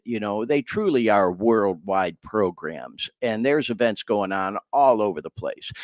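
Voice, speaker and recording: A middle-aged man hosting a podcast, talking in a casual, excited way and saying "y'all" and "man" a lot. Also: mid-range voice, no echo, studio quality. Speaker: podcast host.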